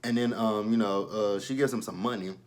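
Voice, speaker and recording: A man's voice: lowish voice, steady tone, a little fast. A young man casually recapping a TV episode, blunt and profane, with exasperated asides and frequent restarts. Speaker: show recapper.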